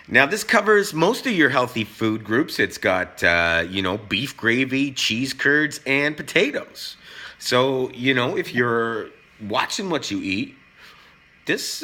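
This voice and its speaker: A middle-aged man hosting a joking, casual cooking vlog, swinging between loud and soft. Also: medium pitch. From Canada. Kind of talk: casual talk to camera.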